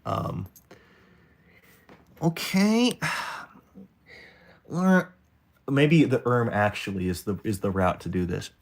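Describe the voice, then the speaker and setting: A man's voice: on the low side, expressive, moderate pace, vocal fry. A man streaming live while he draws, rambling in a jokey way and talking straight to his chat. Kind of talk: casual livestream chat while drawing.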